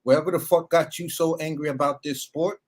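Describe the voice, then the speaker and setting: A man's voice: fairly high pitch, brisk. A man calling into a live stream, talking animatedly with lots of swearing and acting out arguments. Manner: animated, profane, acts out arguments. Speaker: call-in guest. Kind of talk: casual live-chat talk.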